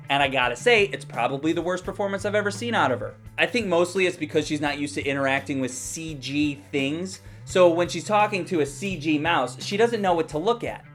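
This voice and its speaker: A man's voice: on the high side, fairly bright tone. A young man giving a heated, profane rant as a movie reviewer, sounding exasperated and blunt.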